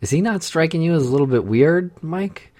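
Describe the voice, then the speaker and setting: A male podcast host joking his way through a movie with playful mock panic. His pitch swings widely as he talks. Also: fairly quick. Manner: jokey, mock-panicked, animated. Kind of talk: casual movie commentary chat.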